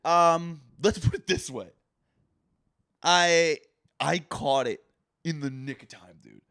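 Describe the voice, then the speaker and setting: A man co-hosting a podcast, telling a story in an animated way and swearing freely into a studio mic. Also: a little high, slow pace, smooth, dry recording. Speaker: podcast co-host. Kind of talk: casual chat.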